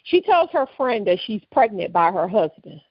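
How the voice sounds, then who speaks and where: A woman's voice: medium pitch, normal speed, slightly rough, no room sound. A woman co-hosting a podcast, telling a story in casual chat and acting out the people she quotes. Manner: animated storyteller, acts out quoted voices. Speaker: podcast co-host. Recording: dull, slightly lo-fi dry studio sound.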